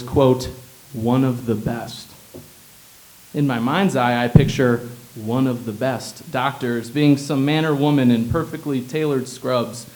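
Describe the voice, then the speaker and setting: A man's voice: medium pitch, rough recording. A young man from Illinois reading his own humorous personal essay aloud in a wry, sardonic tone. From Illinois, USA.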